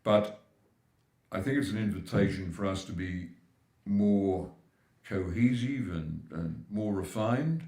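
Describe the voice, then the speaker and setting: A man's voice: sits low, a little mellow. Older Australian man speaking in echoey hall. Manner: emphatic, building points with repetition. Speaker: keynote speaker. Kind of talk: public speech at a forum. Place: large hall at a live forum.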